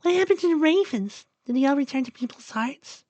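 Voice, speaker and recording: A man putting on a high, eager young girl. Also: lively intonation, fairly quick, darkish tone, no echo. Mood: curious. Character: shy excitable teenage girl ballerina.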